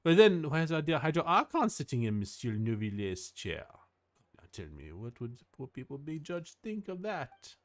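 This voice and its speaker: A man's voice: on the high side, big pitch swings, normal speed. A man voicing a fussy male shopkeeper in a game, reading the lines with a theatrical mock-French accent.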